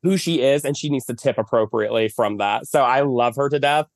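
A man's voice: mid-range voice, fairly quick, no room sound, studio quality. A man, a makeup artist, chatting as a podcast guest, telling long stories with many fillers over a video call from bed. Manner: chatty storytelling with lots of fillers. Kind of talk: casual chat. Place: at home lying in bed.

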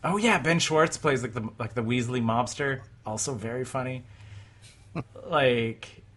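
Guy hosting a movie podcast, rambly, lots of "like"s, bright forward voice. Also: mid-range voice, a little slow. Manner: rambling, many fillers, laughs often. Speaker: podcast host. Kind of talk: casual movie chat.

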